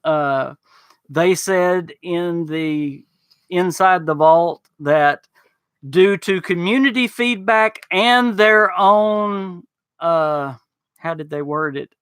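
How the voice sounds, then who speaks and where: A man's voice: high voice, slow pace, a bit bright, clean tone, no echo. Easygoing man hosting a podcast. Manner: easygoing, drawling, frequent fillers and restarts. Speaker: podcast host. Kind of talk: casual podcast chat reading viewer comments.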